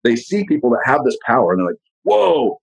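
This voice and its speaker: A man as a podcast guest in casual motivational talk, blunt and profane, telling animated stories. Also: mid-range voice, racing, breathy edge, poor audio.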